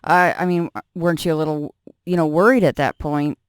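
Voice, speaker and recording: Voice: medium pitch, fairly even intonation, fairly quick, clear, resonant tone, no echo, studio quality. A radio show host asking follow-up questions and prompting a guest's story. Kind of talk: interview questions.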